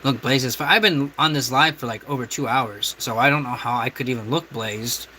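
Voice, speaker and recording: A man's voice: medium pitch, fairly quick, sharp tone, slight background noise, rough recording. A man hosting a cooking livestream, trading crude, profane insults with viewers in a brash, mocking way. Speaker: livestream host.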